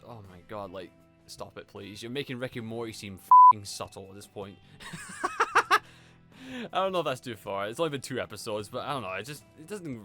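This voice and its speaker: A man giving a casual, sarcastic video review, exasperated and mocking, with faint music behind. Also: medium pitch. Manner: animated, sarcastic, exasperated, mocking quoted voices. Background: faint background music.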